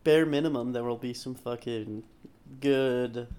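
A man's voice: mid-range voice, measured pace, mellow. A man co-hosting a fighting-game podcast in casual chat, chatty, swearing freely and restarting his sentences. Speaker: podcast co-host.

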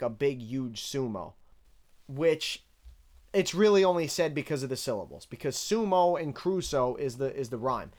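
A man casually breaking down rap lyrics bar by bar, candid and relaxed as he counts the rhymes. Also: on the high side. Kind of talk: casual analytical commentary.

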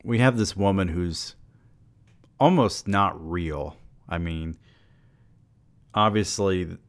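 Deep-voiced man reading a story aloud. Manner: irreverent, rambling asides. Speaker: story reader.

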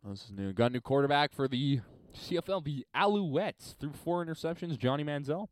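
A young man from Montreal hosting a podcast alone, ranting and swearing, swinging between loud and quiet. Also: on the high side, lively intonation, fairly quick, no echo. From Montreal, Canada. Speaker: podcast host. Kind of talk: solo podcast rant.

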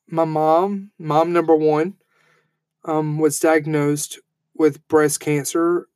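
A man in his thirties delivers a heartfelt eulogy in a fairly high voice. He speaks haltingly, with many fillers and false starts, and the sound is dry and close. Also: a little mellow, dry recording. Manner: halting, with frequent fillers and restarts; heartfelt and emotional. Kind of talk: personal eulogy speech.

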